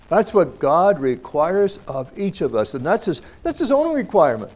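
A man's voice: a little high, sing-song, normal speed, hardly any pauses, a little mellow. A man teaching a scripture lesson, reading verses aloud and then talking them over in a plain, conversational way. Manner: many fillers and restarts.

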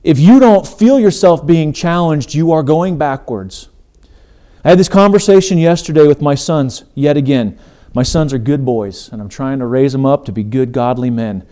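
A man's voice: a little high, normal speed, warm tone. A middle-aged man hosting a faith podcast, delivering an earnest, emphatic sermon-style talk. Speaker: podcast host.

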